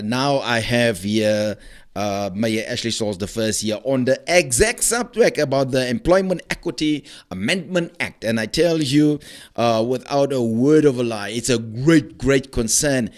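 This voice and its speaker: A man hosts an interview podcast in a middle-pitched voice. He talks haltingly and fills his pauses with "uh". His pitch sits neither high nor low. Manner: hesitant, many filler sounds. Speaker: podcast host.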